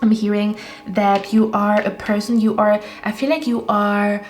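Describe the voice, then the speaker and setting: Female tarot reader, casual and reassuring, steady mid pitch with little melody. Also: normal speed, faint music behind. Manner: rambling, reassuring, addresses viewers directly.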